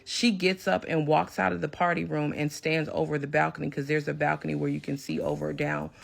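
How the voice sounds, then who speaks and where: A woman telling a personal story in an emphatic, animated storytime manner. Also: low-pitched, fairly quick, creaky. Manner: emphatic, animated when retelling a confrontation. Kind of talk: storytime recounting a personal drama.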